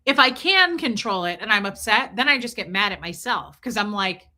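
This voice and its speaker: A woman streaming live in a casual, blunt way, with swearing sprinkled through her chat. Her voice sits a little high and sounds bright and forceful. She talks straight to her viewers and thanks them as she goes. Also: very animated, fairly quick. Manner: blunt, profane, chatty, reads and thanks viewers' super chats. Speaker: livestream host. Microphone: streaming mic.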